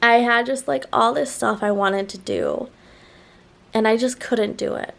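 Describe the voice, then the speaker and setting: A woman's voice: fairly high pitch, unhurried, creaky, a bit bright. A woman vlogger chatting casually to camera, her voice a little nasal as she gets over a sore throat, rambling with lots of "like" fillers. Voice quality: slightly nasal.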